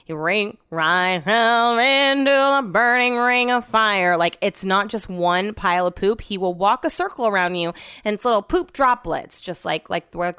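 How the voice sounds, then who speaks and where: A woman's voice: mid-range voice, fairly bright tone. Rambling young woman podcast host. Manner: rambling storytelling, swears freely. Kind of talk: casual chat. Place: home, upstairs room.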